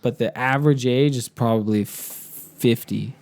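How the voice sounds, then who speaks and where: A man in his thirties co-hosting a casual podcast chat, blunt and quick to swear. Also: medium pitch, darkish tone. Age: 30s. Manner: blunt, swears freely, mocks slow talkers. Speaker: podcast co-host.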